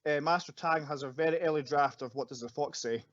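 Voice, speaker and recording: A man's voice: a little high, brisk, no room sound. A man co-hosting a casual film podcast, laughing and swearing casually. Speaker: podcast co-host. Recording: slightly dull lo-fi dry sound.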